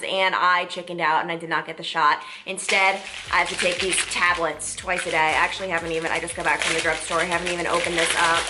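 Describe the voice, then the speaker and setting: A woman's voice: lowish voice, sharp tone. A woman in her twenties chatting casually to camera in a vlog, talkative and dramatic, full of "like". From Long Island, New York. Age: 20s. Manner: chatty, lots of "like", frustrated and dramatic. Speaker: vlogger.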